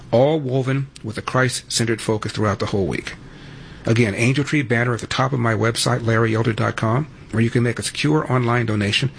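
A man's voice: mid-range voice, creaky, a little hiss or hum. A man hosting a radio talk show, reading appeals and phone numbers, and pressing callers with emphatic questions. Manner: emphatic, rising to exasperated lecturing at callers. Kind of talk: talk radio monologue and ad read.

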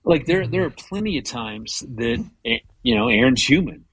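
A husky-voiced man in his fifties talks as a guest in an interview. He tells personal stories in a casual, conversational way, often doubling up on words as he goes. His voice is mid-pitched and sounds dry and close. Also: animated, moderate pace, fairly bright tone, dry recording, poor audio. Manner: repeats words often while telling stories. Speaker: guest, marriage author. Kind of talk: conversational storytelling.

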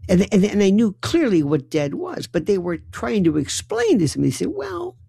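A man spins a rambling comic monologue in a gravelly, husky voice, his pitch leaping up and down as he talks. He stumbles and restarts words in bursts. The recording is dry and close. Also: a little fast, no echo. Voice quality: animated, acts out quoted voices with big pitch jumps. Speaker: storyteller.

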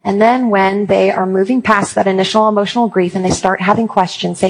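A woman's voice: mid-range voice, steady tone, fairly quick, gravelly, slightly rough, low-quality recording. A woman giving a talk on Christian parenting, chatty and storytelling, with playful asides. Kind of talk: talk to an audience on faith and parenting.

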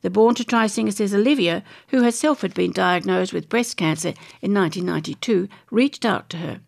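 A woman's voice: medium pitch, a little fast, vocal fry. An Australian woman reading entertainment news articles aloud, chatting and adding her own opinions between passages. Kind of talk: reading magazine articles aloud with casual asides.

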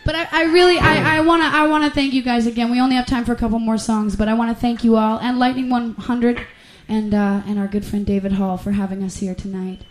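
A woman's voice: a little high, fairly even intonation, fast. A woman from Vermont, a singer chatting with her audience between songs, self-mocking and stammering a little as she restarts her sentences. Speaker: singer-songwriter performing live. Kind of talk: live stage banter between songs. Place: live music venue with audience. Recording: live concert recording with crowd and music.

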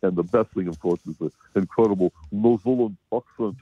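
An American man talks through a film review in a loose, rambling way, chuckling between his points. His voice sits low and comes over a dry, tinny phone line. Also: fairly quick, breathy edge, dry recording. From United States. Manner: rambling, chuckling, many restarts. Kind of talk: casual radio film review.

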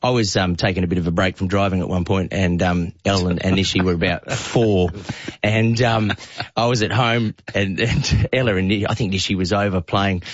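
A man, co-hosting a radio show and telling stories in casual chat, animated and laughing often. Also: low-pitched, normal speed, dry recording, highs cut off. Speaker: radio co-host.

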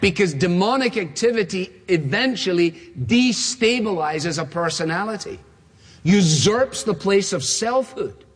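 A man preaching an expository sermon, stressing his points through repetition and slowing down for emphasis. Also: high voice, animated, slightly rough. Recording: long reverb of a large hall.

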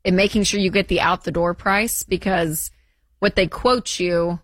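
A woman's voice: on the low side, fairly even intonation, moderate pace, a bit bright, no echo. A woman co-hosting a call-in advice show, talking in a chatty way and repeating her points for emphasis. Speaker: co-host of a call-in money show. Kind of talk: casual radio advice chat.

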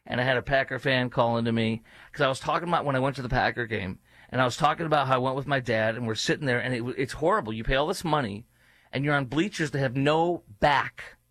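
A man hosting a talk show, sarcastic and mocking, drifting into rambling asides. His voice sits at a middle pitch and is recorded close and dry. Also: quick pace, a bit bright, dry recording. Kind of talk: opinionated talk show commentary.

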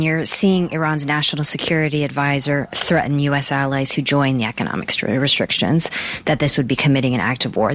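A woman hosting a radio news show, introducing a guest and asking crisp questions. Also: low voice. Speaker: host.

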